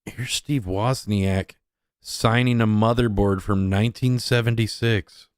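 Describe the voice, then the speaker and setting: A man's voice: on the low side, fairly even intonation, unhurried, clean tone. A man hosting a livestream, reacting to clips in a casual, mocking, offhand way and talking to his chat. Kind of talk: casual crude reaction commentary.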